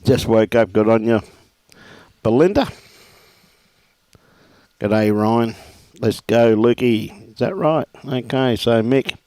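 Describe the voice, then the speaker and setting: A man with an Australian accent giving relaxed live commentary on a bowls match and greeting viewers by name. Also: mid-range voice, slow pace, pauses often, no room sound. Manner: laid-back, chatty, greets viewers by name. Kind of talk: live sports commentary with viewer shout-outs.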